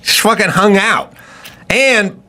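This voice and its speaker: A man's voice: high voice, takes it slowly, sharp tone. A man hosting a talk show, ranting with sarcasm and profanity and acting out the lines of the people he mocks. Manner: profane, sarcastic, acts out quoted voices. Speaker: show host.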